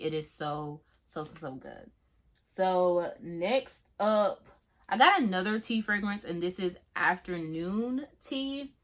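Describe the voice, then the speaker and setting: A woman's voice: on the low side, a bit bright. A young woman from Florida with a Southern accent, chatting casually through a fragrance review with lots of "um"s and emphatic "okay?"s. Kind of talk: casual product review vlog.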